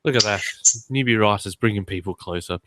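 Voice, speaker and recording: A man's voice: on the low side, fairly quick, background noise. A man with an Australian accent co-hosting a podcast in casual, joking chat with many fillers. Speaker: podcast co-host.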